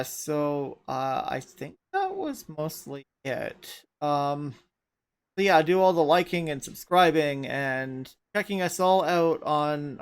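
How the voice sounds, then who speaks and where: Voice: mid-range voice, smooth. A podcast host from Canada who says they are tired, chatting casually and rambling with frequent laughs. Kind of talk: casual chat.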